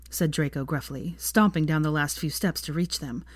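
A woman narrating fan fiction in an expressive storybook reading. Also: deep voice, moderate pace, hardly any pauses, slightly rough, dry recording, studio quality. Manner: expressive, shifts voices for characters.

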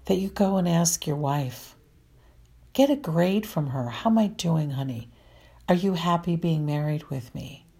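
A woman's voice: low voice, warm tone. A middle-aged woman marriage counselor giving earnest, repetitive advice to listeners. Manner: earnest, repetitive, slow and deliberate.

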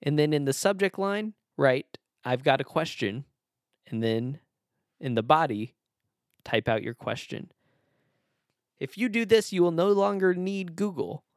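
A man's voice: a little high, animated, measured pace, no echo, clean studio sound. A man co-hosting a casual podcast, playful and jokey, often laughing as he talks. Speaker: podcast co-host.

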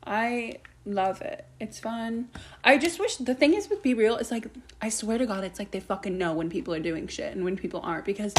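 A woman's voice: mid-range voice, expressive, a little fast, noisy background. A young woman hosting her own podcast, rambling casually from topic to topic and swearing a lot. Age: young adult. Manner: chatty, swears a lot, jumps between topics. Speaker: podcast host.

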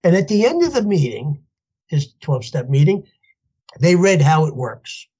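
An older man, a podcast guest telling his story in an animated way and laughing as he goes. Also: on the high side, moderate pace, husky, dull audio. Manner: animated, laughs as he tells stories, acts out voices in quotes. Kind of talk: storytelling interview.

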